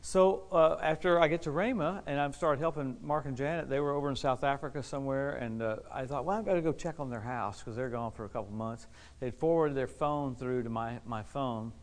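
A man preaching a lively sermon to a responding congregation, exuberant, laughing often and repeating key phrases for emphasis. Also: medium pitch, brisk. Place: church service with a responding congregation.

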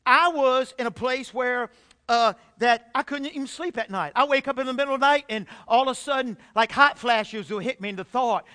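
A middle-aged pastor preaches his own testimony in a high-pitched voice. His tone is bright and forward, and he swings between loud emphatic bursts and hushed confessions. The delivery is plainly that of a sermon. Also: a little fast.

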